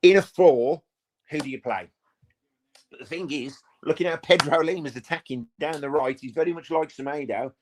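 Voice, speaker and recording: A man's voice: on the high side, normal speed, noisy background. Chatty man calling a match. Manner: chatty, rambling, bursts into excited play-by-play. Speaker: fan channel host. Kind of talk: live match watch-along commentary. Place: at home.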